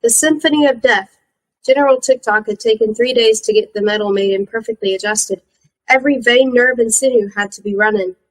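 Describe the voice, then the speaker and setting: A woman reading a novel aloud in a steady storytelling manner. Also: fairly high pitch, fairly quick, rough recording. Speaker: audiobook reader.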